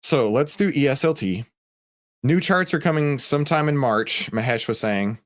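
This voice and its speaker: A man's voice: medium pitch, lively intonation, moderate pace. Male stream host, casual and joking, talks to chat as he trades. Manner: chatty, jokey, talks to chat viewers. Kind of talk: casual live trading commentary.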